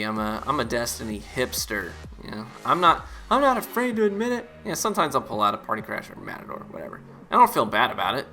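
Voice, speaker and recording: A man giving relaxed, chatty gameplay commentary as a streamer. He uses lots of fillers and laughs easily. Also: fairly low pitch. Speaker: gaming YouTuber and streamer.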